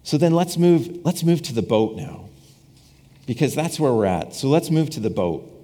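A male preacher gives a conversational sermon and keeps circling back over his own phrases. His husky voice swings widely in pitch as he plays out the voices in his story. The sound carries a long reverb, as in a large church hall. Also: sing-song, normal speed, mellow. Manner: conversational, repeats and restarts phrases, acts out quoted voices with humor. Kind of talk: casual sermon.

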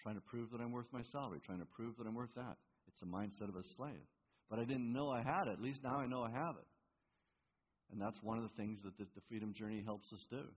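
A man's voice: fairly low pitch, slightly rough. A man preaching a sermon as pastor in a church, earnest and given to stammering, repeating words as he presses his point. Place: church hall. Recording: reverberant, muffled hall recording.

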